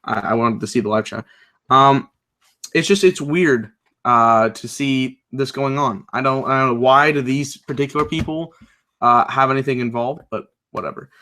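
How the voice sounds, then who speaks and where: Bright-voiced casual wrestling reviewer man. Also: medium pitch, normal speed. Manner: loose, rambling, many fillers, reads live chat aloud. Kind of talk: casual recap and commentary.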